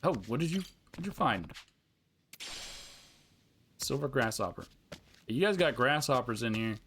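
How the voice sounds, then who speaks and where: A man chatting casually over a game he is playing, breaking into self-mocking giggles. His voice moves up and down with lively, animated pitch. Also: measured pace, a little hiss or hum. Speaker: video game streamer. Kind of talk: casual gameplay commentary.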